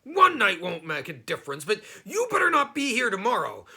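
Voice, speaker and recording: A tiny male goblin from a storybook squeaks his threats in a very high, sharp voice, as a man puts him on. He bluffs and blusters with big swoops in pitch and a gravelly edge. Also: huge pitch swings, a little fast, heavily acted. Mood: boastful. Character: small boastful male goblin.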